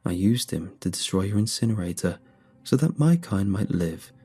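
An eerie, ancient mold hive speaks softly through a dead dog, as a male narrator puts it on. Its voice is low, dark and a little husky, calm and sighing rather than loud. A quiet horror-story reading with faint music behind. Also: normal speed, heavily acted. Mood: calm, wistful.

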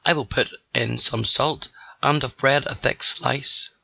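Storybook: male narrator plays a pert, defiant girl, a touch higher, bright tone. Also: measured pace, creaky, dry recording, exaggerated voice. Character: bold cheeky young girl intruder.

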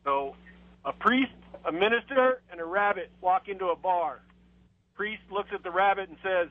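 A male caller quickly telling a joke into a call-in radio show. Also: high voice, no room sound. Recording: tinny phone line.

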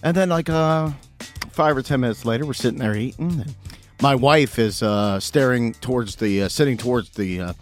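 A man casually telling a funny personal story on a radio show, animated and laughing, his voice jumping high at the dramatic moments. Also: normal speed, soft background music.

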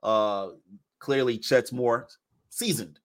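On a podcast mic, a man chats casually about basketball, animated and laughing a lot as he acts out bits of what players said. His pitch sits in the usual middle range, and he talks at a slow pace.

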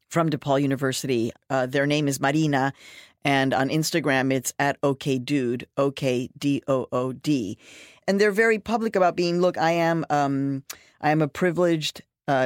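A man hosting a podcast panel, thoughtful, pausing often with "um". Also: medium pitch, dry recording, clean studio sound. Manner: thoughtful, many "um" pauses. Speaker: podcast host.

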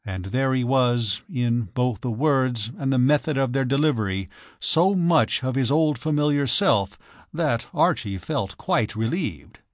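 A man reading an audiobook with measured, expressive storytelling. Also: medium pitch, no room sound. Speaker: audiobook reader. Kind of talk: scripted narration.

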